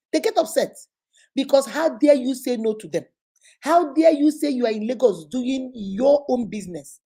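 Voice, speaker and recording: A Nigerian woman hosting a casual vlog, telling lively stories and acting out other people's voices. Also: high voice, slightly rough. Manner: lively storytelling, acts out other voices, exclaims. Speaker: online influencer host.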